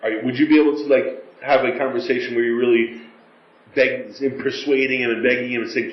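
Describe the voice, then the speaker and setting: A man's voice: medium pitch, steady tone, a little fast, echoey room. A middle-aged man lectures a class in an earnest, emphatic way and breaks into pleading prayers. The room rings around his voice, and the recording sounds dull and lo-fi. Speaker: teacher.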